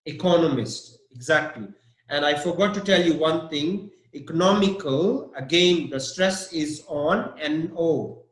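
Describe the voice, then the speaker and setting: A man's voice: fairly high pitch, expressive, slow pace, roomy sound, rough recording. A man teaching an English vocabulary lesson, spelling out words letter by letter and stressing syllables.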